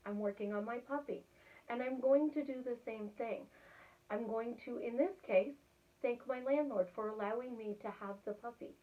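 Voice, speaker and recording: A middle-aged woman, a life coach, talking casually to camera in a chatty, effusive way, slipping into soft murmured affirmations. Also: fairly high pitch, normal speed. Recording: tinny phone-like audio.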